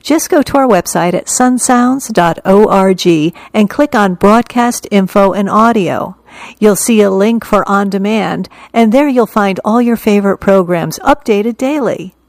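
A woman's voice: medium pitch, unhurried, a little mellow, dry recording. A woman reading a scripted, friendly radio station announcement.

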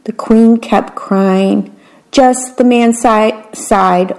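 A woman reading a children's story aloud, gentle and unhurried, adding her own asides. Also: a little high, steady tone, rough recording.

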